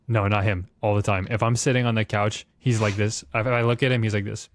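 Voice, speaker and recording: A man's voice: fairly low pitch, fairly even intonation, a little fast, dry recording. A man co-hosting a casual podcast over a remote call, laid-back and swearing freely. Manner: laid-back, swears freely, quotes people in put-on voices. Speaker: podcast co-host. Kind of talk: casual chat. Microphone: remote recording call.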